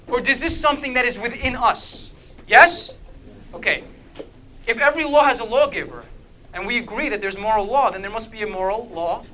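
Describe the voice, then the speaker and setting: Slight background noise and a rough recording accompany a bright, high-voiced man leading a church group talk. In this interactive apologetics session he quizzes the audience with frequent "okay?", staying lively, animated and playfully humorous.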